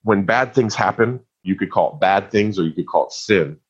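Low, husky man telling his story. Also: moderate pace. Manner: earnest and heartfelt, with playful asides. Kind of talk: personal storytelling testimony. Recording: muffled lo-fi sound.

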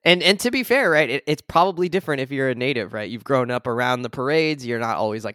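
A man's voice: medium pitch, fast talker, hardly any pauses, no echo, studio quality. A man in his thirties co-hosting a podcast, chatting casually and laughing often. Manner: laughs often, relaxed rambling. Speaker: podcast co-host. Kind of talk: casual chat.

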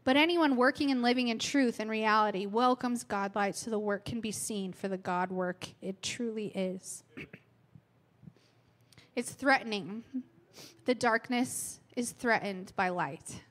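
Woman preacher, thirties, slightly high voice, casual candid delivery, fighting a cold. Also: a little slow, fairly bright tone. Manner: candid, self-mocking storytelling with fillers. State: has a cold, clearing her throat. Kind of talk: sermon.

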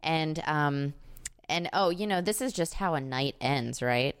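Woman, low voice, podcast co-host, casual film recap, rambling, swears a lot. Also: lively intonation, a little slow, smooth. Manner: rambling, profane, laughs often.

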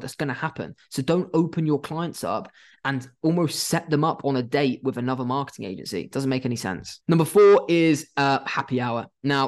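Blunt, animated young man. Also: medium pitch. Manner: blunt and animated, acts out phone calls, swears casually. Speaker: agency owner giving business advice. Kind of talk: casual talking-head advice.

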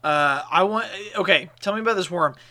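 A man's voice: sits high, brisk, bright, forceful tone. A man playing in a casual tabletop game, eager and chatty. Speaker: player.

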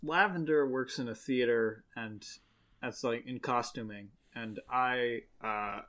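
A woman's voice: extremely low pitch, takes it slowly, fairly bright tone. A woman playing a tabletop game, making dry, wry remarks. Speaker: player. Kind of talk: casual tabletop game chat.

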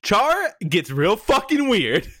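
Giggly, high-voiced man, dry mic. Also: takes it slowly, dry recording. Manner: giggly, animated, profane. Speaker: podcast co-host. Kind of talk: casual recap chat.

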